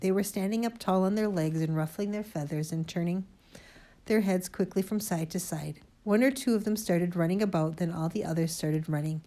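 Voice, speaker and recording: A woman narrating a children's storybook aloud in an expressive, lively way. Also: fairly low pitch, normal speed. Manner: lively expressive reading, first-person boy narrator. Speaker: audiobook reader.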